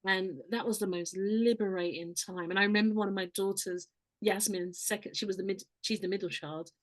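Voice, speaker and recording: A woman hosting a podcast at a medium pitch. She talks slowly and thoughtfully, affirming her guest often. Her voice brightens and jumps higher when she tells funny family stories. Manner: warmly affirming, slow and reflective, lively when retelling stories. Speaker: podcast host. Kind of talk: conversational interview.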